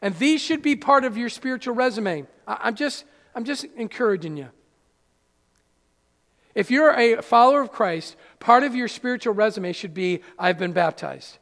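A man preaching a sermon as pastor in a church, animated and acting out little scenes. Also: very high voice, normal speed. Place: church sanctuary. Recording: church hall reverb.

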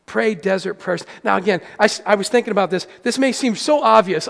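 Male pastor, high gravelly voice, dynamic sermon delivery, echoey church hall. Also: animated, fairly quick, few pauses. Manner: preaching with swings from hushed to loud, calls to the congregation.

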